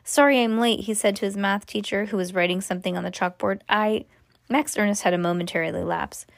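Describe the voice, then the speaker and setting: A woman reading a bedtime chapter aloud to her children, unhurried and expressive, with small slips. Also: mid-range voice, gravelly, no echo, studio quality. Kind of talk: bedtime story read aloud. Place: home at bedtime.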